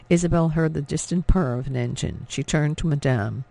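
A man giving a measured, dramatic scripted narration of an audiobook. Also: fairly high pitch, gravelly, mellow, dry recording.

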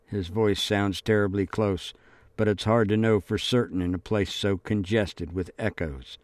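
A man narrating an audiobook in a measured, deliberate reading. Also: fairly low pitch, steady tone, no echo.

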